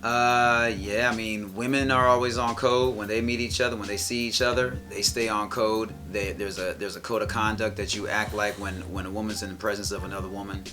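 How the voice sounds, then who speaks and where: A man's voice: fairly low pitch, little pitch movement, fairly quick, few pauses. Guy rambling thru a story on a podcast, lots of restarts, music in the background. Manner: rambling, restarts, quotes others in raised voice. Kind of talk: casual storytelling chat.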